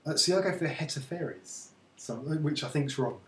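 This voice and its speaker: A man's voice: fairly high pitch, lively intonation, brisk, fairly bright tone. A man tutoring in Egyptology, explaining things in a casual, agreeable chatting way. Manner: easygoing, agreeable, conversational. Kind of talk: casual teaching chat. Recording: echoey room.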